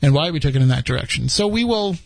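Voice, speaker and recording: A man's voice: fairly high pitch, lively intonation, quick pace, creaky, no room sound. A man hosting a podcast, chatting casually and rambling with frequent restarts. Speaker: podcast host. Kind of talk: casual chat.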